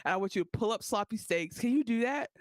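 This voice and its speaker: A woman's voice: fairly high pitch, animated, fast talker, dry recording. A woman co-hosting a podcast, blunt and joking as she reacts to the episode. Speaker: podcast co-host. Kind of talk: casual recap chat.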